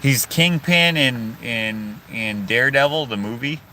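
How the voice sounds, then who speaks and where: A man's voice: medium pitch, a little slow, bright, forceful tone, a little hiss or hum. A man from Canada chats casually in a car to his phone and reads viewer comments, rambling and cutting himself off. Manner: rambling, chatty, self-interrupting. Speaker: vlogger. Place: inside a car.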